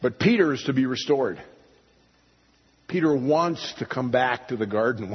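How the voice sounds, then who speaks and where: A man preaching a sermon, pastor-style, emphatic and full of rhetorical questions, his pitch jumping up on key points. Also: breathy edge. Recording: dull recording in a reverberant hall.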